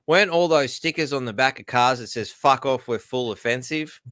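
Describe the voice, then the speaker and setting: A man's voice: medium pitch, normal speed, a bit bright, dry recording. Blunt, swearing male host. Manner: blunt and profane, with asides to listeners. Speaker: podcast host. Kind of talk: casual reaction commentary.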